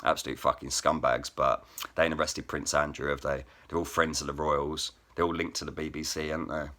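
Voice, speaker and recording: Forceful, sharp-voiced man ranting. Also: very deep voice, flat delivery, fairly quick. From England. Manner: blunt, heavily profane, repeats "bruv" and "innit". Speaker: vlogger and rap poet. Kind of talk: angry to-camera rant.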